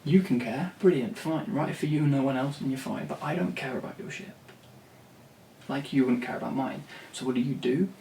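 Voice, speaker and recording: A man's voice: mid-range voice, a little fast, vocal fry, warm tone, slight background noise. Male vlogger, blunt and rambly, swears, recorded roomy and off-mic. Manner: rambling, blunt, swears freely, many restarts. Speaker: songwriter and vlogger. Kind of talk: rambling talk to camera. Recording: roomy, distant from the mic, faint ambience.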